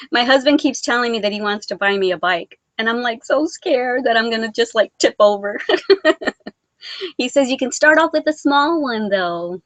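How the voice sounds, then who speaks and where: A woman's voice: a little high, lively intonation, a little slow, a bit bright, dry recording. A woman hosting a casual live-stream chat, reading viewer comments aloud, chatty and rambling, laughing often. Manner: rambling with many restarts and fillers.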